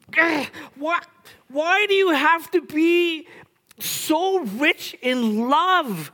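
A preacher acting out the prophet Jonah as a man shouting his furious complaints at God in a high, strained voice during a sermon. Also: big pitch swings, takes it slowly. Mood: raging. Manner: shrill, shouting, raging complaint.

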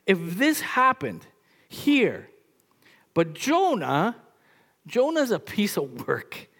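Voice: medium pitch, huge pitch swings, slow pace, long pauses, fairly bright tone. A pastor preaching a sermon in a casual, conversational way, with many "like" fillers and restarts.

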